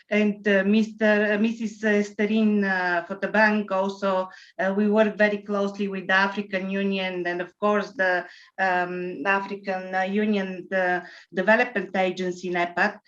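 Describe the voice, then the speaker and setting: Woman guest speaker, mid pitch, hesitant, lo-fi video call. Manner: hesitant, many fillers, warm greetings. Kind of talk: formal acknowledgements speech. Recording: dull lo-fi video call audio.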